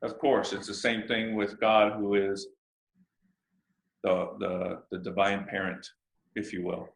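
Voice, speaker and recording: A man's voice: fairly low pitch, flat delivery, unhurried, creaky, echoey room, poor audio. A man talking as a guest over a video call, laid-back and rambling with lots of filler. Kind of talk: casual interview chat.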